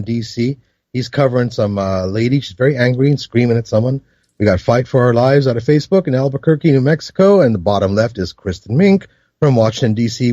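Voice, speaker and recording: A man co-hosting a podcast in casual chat, rambling with many restarts and laughs, high. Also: mellow, no room sound, dull audio. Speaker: podcast co-host.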